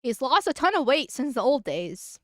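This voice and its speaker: A woman's voice: sits high, very animated, normal speed, fairly bright tone, dry recording, clean studio sound. A woman streamer chatting casually on a live stream while reacting to a video, rambling, giggling and swearing freely. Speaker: VTuber streamer.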